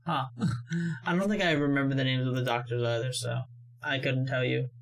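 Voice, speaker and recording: A man's voice: medium pitch, steady tone, moderate pace, creaky. A man hosting a reaction video, commenting in a thoughtful, mildly amused, hesitant way.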